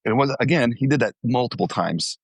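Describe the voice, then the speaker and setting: A man's voice: medium pitch, expressive, fast talker, husky, no room sound. A young adult man, a former youth pastor, telling candid stories in an interview, with fillers and restarts.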